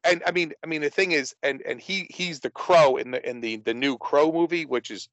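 A man's voice: fairly high pitch, fairly quick, a bit bright, no echo, poor audio. A man talking casually about horror films, rambling with many restarts. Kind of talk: casual movie discussion.

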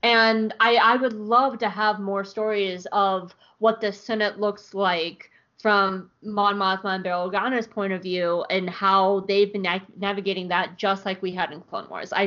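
A woman co-hosting a podcast, giving an animated, jokey recap in casual chat. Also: mid-range voice, a little slow, hardly any pauses, dull audio. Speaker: podcast co-host.

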